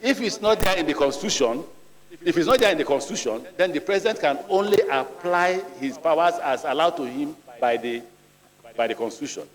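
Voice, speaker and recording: Middle-aged nigerian guy answering questions at a hearing, slow and deliberate, tells little stories, big echoey chamber. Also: on the high side, lively intonation. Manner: deliberate, measured, with storytelling asides. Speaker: ministerial nominee before a senate. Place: large legislative chamber. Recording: long reverb of a large chamber.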